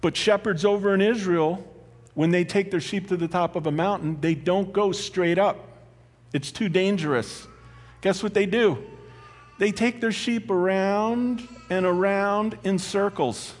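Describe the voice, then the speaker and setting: A man preaching a sermon as pastor, animated and conversational, with asides and light laughter. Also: high-pitched, unhurried. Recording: long hall reverb.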